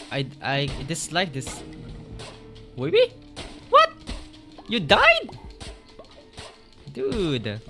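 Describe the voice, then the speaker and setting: A male streamer talking over his gameplay at an unhurried pace, his pitch swinging widely as he reacts. Game music plays clearly underneath his desk-mic voice. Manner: reactive, chatty with viewers, swears at the game. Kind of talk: casual gameplay live-stream commentary.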